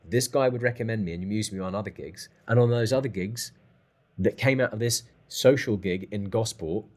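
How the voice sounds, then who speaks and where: A man tells a long anecdote in easy conversation. His voice sits a little low. He acts out the other people on the phone with quick shifts in tone. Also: slightly rough. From England. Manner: lively anecdote telling, acting out phone calls. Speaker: guest drummer. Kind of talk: casual storytelling.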